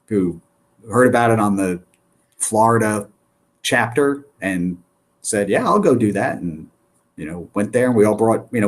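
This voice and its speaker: A man as a guest author on a casual podcast, easygoing and low-key, often restarting his sentences.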